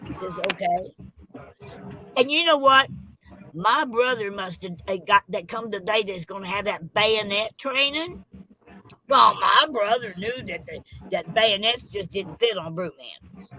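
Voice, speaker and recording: Folksy older lady telling a funny tall tale, drawly and lively, bright forceful voice. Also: mid-range voice, a little slow, poor audio. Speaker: storyteller. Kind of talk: folksy comic storytelling.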